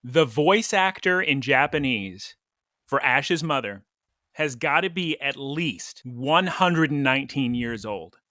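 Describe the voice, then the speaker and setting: A man's voice: mid-range voice, expressive, slow, bright, forceful tone, no echo, studio quality. A man co-hosting a podcast in casual chat, playful and teasing. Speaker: podcast co-host.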